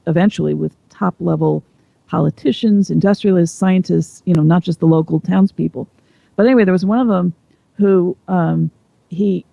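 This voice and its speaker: Woman, interview guest, gravelly voice, thoughtful long explanations, dull lo-fi dry sound. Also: on the low side, dark tone, dry recording. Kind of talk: casual interview chat.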